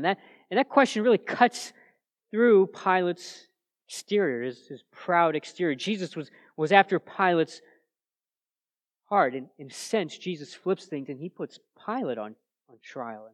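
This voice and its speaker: A man with a fairly high voice preaches a sermon in a relaxed, conversational way. He often restarts his phrases and drives his points home with emphatic rhetorical questions. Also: moderate pace. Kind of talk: expository sermon.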